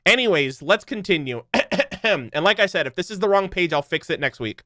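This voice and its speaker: A man's voice: on the high side, animated, brisk, bright, forceful tone, no room sound, clean studio sound. A young man streaming, chatting casually in a rambling, joking way, swearing loosely and laughing often. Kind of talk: casual livestream chat.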